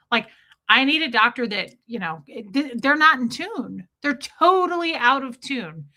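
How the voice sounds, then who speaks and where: A woman hosting a livestream, chatty and animated, greeting viewers in chat by name as she comments. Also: sits high, unhurried. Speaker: host, livestreamer.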